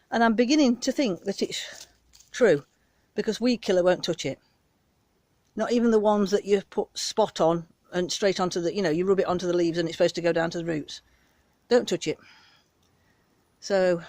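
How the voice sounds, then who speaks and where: Filming herself on a handheld phone in her back garden, this British gardening vlogger rambles along in easy, down-to-earth chat. Her voice sits in the mid-range with a slightly mellow quality, and the recording is dry.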